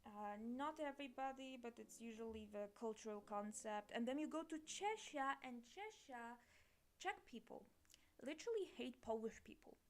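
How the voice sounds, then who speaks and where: A woman's voice: fairly high pitch, lively intonation, moderate pace. A young woman from Eastern Europe chatting casually while drawing on stream, rambling, correcting herself and laughing often. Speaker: art streamer.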